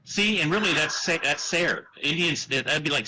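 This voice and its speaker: Man, slight texan accent, lively pitch, husky tone, joking podcast chat. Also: a little fast, low-quality recording. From United States. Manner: joking, goes off on tangents. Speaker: podcast guest.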